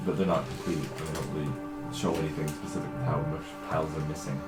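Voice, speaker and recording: A man running a tabletop game as dungeon master, calmly describing scenes and townsfolk. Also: extremely low pitch, quick pace. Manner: relaxed, describes scenes and voices townsfolk in quotes. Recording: roomy sound with background music.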